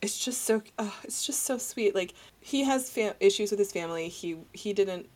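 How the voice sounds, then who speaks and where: A woman's voice: medium pitch, expressive, moderate pace, darkish tone. A woman co-hosting a book podcast, talking casually in a rambling, gushing way with many fillers. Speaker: podcast co-host. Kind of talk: casual chat.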